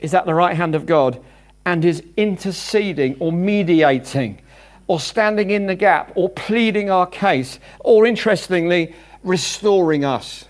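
A man preaching a sermon to a congregation, animated and jokey, swinging from loud bursts to hushed asides. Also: high voice, unhurried.

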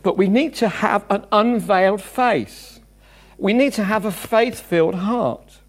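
A man preaching a sermon to a congregation, animated and jokey, swinging from loud bursts to hushed asides. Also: sits high, measured pace.

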